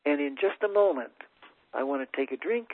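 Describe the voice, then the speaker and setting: High-pitched guy preaching gratitude, lots of restarts and repeats, tinny phone-line sound. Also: animated, dry recording. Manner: warm, repetitive, halting with many restarts. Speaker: spiritual teacher. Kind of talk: inspirational talk to a congregation. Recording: tinny phone-like audio, dry.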